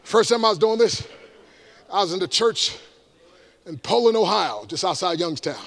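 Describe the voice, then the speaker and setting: A man, an evangelist giving an energetic motivational talk to a live audience, with shouted call-and-response. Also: high voice, moderate pace, vocal fry. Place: large room before a live audience.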